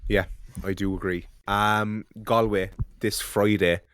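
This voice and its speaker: Deep-voiced Irish man steering chat. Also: smooth, dry recording, studio quality. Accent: Irish, Cork. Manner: calm, measured, steers topics. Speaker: podcast co-host. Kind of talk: casual chat.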